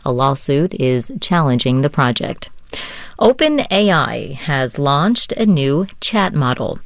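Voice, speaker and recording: A woman newscaster reading hourly radio headlines in a measured, even delivery. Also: sits low, no room sound, studio quality.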